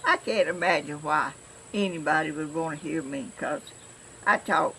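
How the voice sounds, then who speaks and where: An older woman from Georgia with a flat Southern accent, chatting casually and rambling to her viewers as she shows a crafting project at home. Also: low-pitched, normal speed, slight background noise, rough recording. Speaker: craft vlogger.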